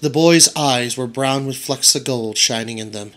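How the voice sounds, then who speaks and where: A man's voice: medium pitch, normal speed, a bit bright. A man, a teacher, narrating a children's audiobook aloud for his students.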